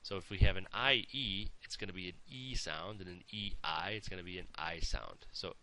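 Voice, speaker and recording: A man's voice: low-pitched, moderate pace, pushed and bright, slight background noise. A man teaching pronunciation, patiently overemphasizing each sound in his demonstrations and checking in with "okay?" as he goes. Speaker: language teacher. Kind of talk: pronunciation lesson.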